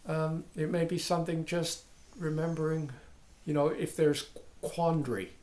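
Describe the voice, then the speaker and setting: An older man, a dharma teacher, giving a contemplative talk in halting, searching phrases with frequent asides. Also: a little high, flat delivery, a little mellow, reverberant.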